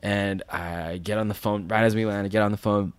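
A man in his thirties telling a personal story in casual chat, animated, full of fillers and acted-out quotes. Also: on the low side, a little fast, smooth. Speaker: podcast guest.

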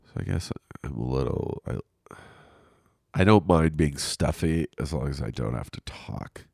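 Man, very low voice, stuffed-up nose, rambling podcast chat, cursing, dry close sound. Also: lively intonation, a little slow, creaky, a little mellow, slightly rough, dry recording. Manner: rambling, profane, self-deprecating. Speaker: podcast host. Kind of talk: casual solo podcast monologue. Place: lying on his couch at home.

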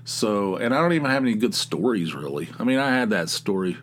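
Low-voiced man rambling through a story. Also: sing-song, a little fast, slight background noise. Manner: rambling, exasperated, laughs at own stories, many restarts. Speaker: podcast host. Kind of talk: casual monologue storytelling.

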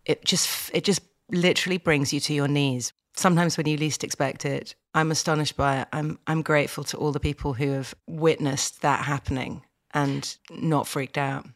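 A woman's voice: deep voice, steady tone, normal speed, hardly any pauses, no echo, studio quality. A middle-aged woman talking frankly as a guest over the phone, swearing freely and reflecting. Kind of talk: casual conversation on a phone call.

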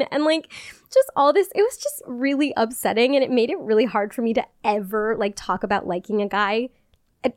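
A woman's voice: on the high side, no echo, clean studio sound. A woman hosting a podcast alone, talking casually and chattily, peppering her speech with "like". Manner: chatty, peppered with "like", quick bursts and giggles. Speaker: podcast host. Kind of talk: casual solo podcast chat.

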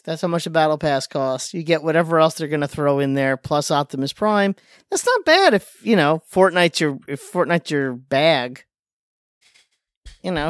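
A man's voice: on the high side, fairly bright tone, smooth, no echo, clean studio sound. A man co-hosting a casual gaming podcast, talking in a wry, sarcastic, joking way. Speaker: podcast co-host. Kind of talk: casual chat.

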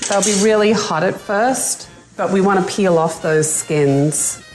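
A woman's voice: mid-range voice, a little slow, over music. A woman with an Australian accent, chatting casually while cooking in a home kitchen. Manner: relaxed, chatty, with fillers. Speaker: cookbook author and home cook.

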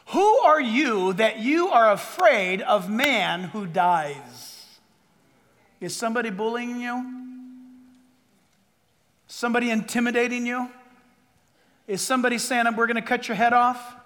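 A man preaching a sermon as pastor to a congregation, animated and emphatic, with asides and quoted voices. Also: very high-pitched, a little slow, long pauses. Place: church hall before a congregation. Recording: long reverb of a large hall. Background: audience laughter.

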